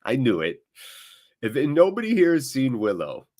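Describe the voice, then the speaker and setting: A man hosts a live football watchalong, talking straight to his viewers in an easy, chatty flow. His delivery is rambling and full of jokes, and his voice sits at an ordinary middle pitch for a man. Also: huge pitch swings, moderate pace, a little mellow. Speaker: live-stream host. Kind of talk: casual live watchalong chat.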